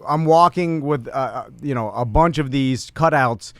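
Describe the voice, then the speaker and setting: A man's voice: mid-range voice, moderate pace, fairly bright tone, no echo. A man co-hosting a casual radio-style talk show, telling stories with lots of fillers and chuckles. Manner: rambling storyteller with many fillers and laughs. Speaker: co-host.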